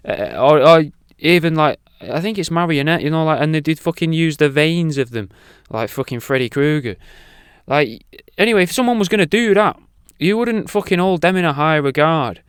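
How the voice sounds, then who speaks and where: A man's voice: fairly high pitch, lively intonation, normal speed, smooth, no room sound, studio quality. A man hosting a radio show, rambling through an irreverent, sweary monologue.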